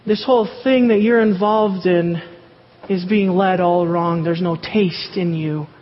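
A preacher with a husky, breathy voice teaches through scripture verse by verse, reading each passage and then firing off questions that they answer themselves. The sound is a touch muffled and rings with a long hall reverb. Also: medium pitch, steady tone, a little slow. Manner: reads verses aloud, then poses and answers rhetorical questions. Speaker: Bible teacher. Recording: dull, echoey hall recording.

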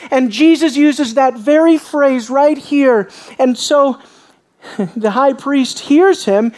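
A woman preaching a sermon, emphatic and dramatic, her voice swelling from quiet explanation up to shouting. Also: high voice.

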